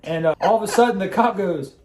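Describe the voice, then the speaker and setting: A man who is a pastor, telling a story in lively chat, laughing and acting out the people he quotes. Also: high voice, fast talker, roomy sound.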